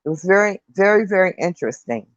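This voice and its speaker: A woman's voice: on the low side, lively intonation, fast talker, dry recording, dull audio. An older woman hosting a casual online talk show, reading viewer comments and chatting with light laughter and mild swearing. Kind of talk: casual chat.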